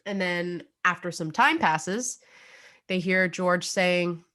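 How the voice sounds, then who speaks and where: A woman's voice: lowish voice, takes it slowly, sharp tone. A young adult woman co-hosting a casual true-crime podcast, chatty and full of fillers, laughing now and then. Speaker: podcast co-host.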